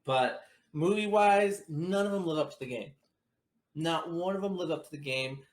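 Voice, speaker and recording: A man's voice: a little high, brisk. A man co-hosting a casual movie chat, blunt and crude, swearing freely. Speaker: podcast co-host.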